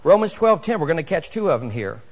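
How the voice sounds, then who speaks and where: A middle-aged man delivers a sermon in a church. His voice sits high for a man, and it rings out with a long echo through the hall. He is animated and builds to emphatic appeals. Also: fast talker, breathy edge. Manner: animated, rising to emphatic exhortation. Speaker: preacher. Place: church sanctuary.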